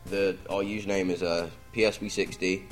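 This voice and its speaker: Deep-voiced young man hosting a podcast. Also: flat delivery, normal speed, soft background music. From England. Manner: rambling, self-deprecating, full of ums. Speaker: podcast host. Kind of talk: casual podcast banter.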